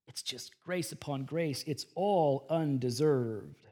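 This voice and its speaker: A middle-aged man preaching a sermon as pastor of a church, shifting from hushed, earnest tones to loud, emphatic bursts. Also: on the high side, takes it slowly.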